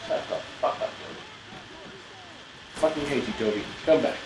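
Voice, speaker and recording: A man's voice: medium pitch, normal speed, roomy sound, far from the mic, noisy background. A man giving live, profanity-heavy commentary on his own gameplay as a gaming video host. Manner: profane, swearing at a teammate.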